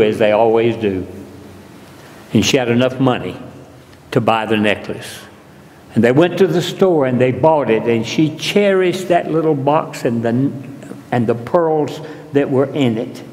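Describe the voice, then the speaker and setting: A man preaching a sermon in a church, telling a story slowly and deliberately. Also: mid-range voice, darkish tone. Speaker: pastor. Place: church sanctuary. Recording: long reverb in a large hall.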